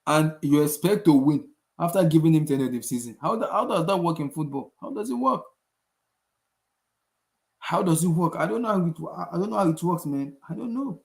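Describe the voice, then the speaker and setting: A man's voice: fairly high pitch, a little mellow. A young man hosting a casual football channel, ranting after a match with exasperated rhetorical questions and lots of repetition. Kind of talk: casual post-match rant.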